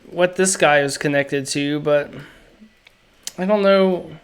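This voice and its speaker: Slow, musing man. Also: fairly high pitch, clean tone. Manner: slow, musing, self-critical asides. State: throat feeling off. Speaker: streamer drawing live. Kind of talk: casual live-stream chat while drawing.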